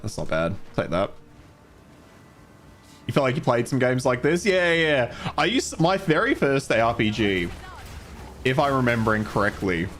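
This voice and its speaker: A man's voice: mid-range voice, a bit bright. A man streaming a game casually, chatting with viewers and swearing now and then. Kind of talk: casual gameplay livestream.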